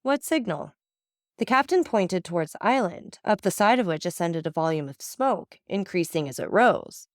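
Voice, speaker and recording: A woman narrating a classic novel as an audiobook reader, telling it in a steady, even way. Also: fairly low pitch, normal speed, few pauses, no room sound, studio quality.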